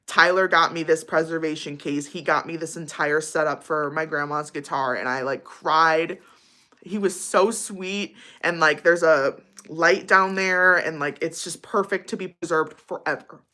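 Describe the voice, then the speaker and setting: A woman's voice: sits low, a little slow, bright, forceful tone. A young woman casually chatting with viewers on her livestream, bubbly and giggly, with lots of likes and ums. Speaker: livestream host.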